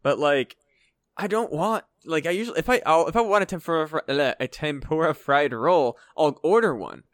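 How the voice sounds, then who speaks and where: Ranting, profane podcast co-host, slightly high voice. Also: male voice, expressive, moderate pace, dry recording. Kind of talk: casual podcast chat.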